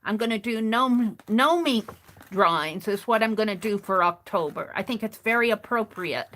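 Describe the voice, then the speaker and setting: A woman's voice: mid-range voice, expressive, normal speed, a bit bright. A woman art streamer rambling through a story as she crafts, chatty and full of restarts. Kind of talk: casual storytelling while crafting.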